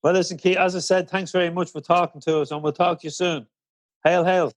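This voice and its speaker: A podcast host with a high voice, fairly even intonation, and a slightly quick pace interviews a guest on his fan podcast. The chat is casual, friendly, and full of banter.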